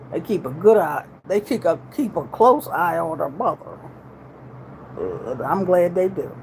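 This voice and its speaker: A woman in her sixties hosts a livestream, chatting casually with viewers in a relaxed, drawling way and using slangy everyday grammar. Her middle-pitched voice stays steady. Faint room noise comes through on the low-quality recording.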